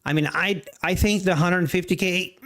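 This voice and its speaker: A man hosting a live day-trading stream, talking casually and haltingly, often restarting and clearing his throat. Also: sits high, steady tone, fairly bright tone. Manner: slow, halting, many restarts, answers chat. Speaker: livestream day-trading host. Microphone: desk mic.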